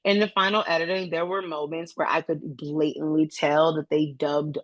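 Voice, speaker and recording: A woman co-hosting a podcast in casual chat, talking in an animated, emphatic and slangy way. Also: low voice, normal speed, no room sound, muffled recording. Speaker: podcast co-host.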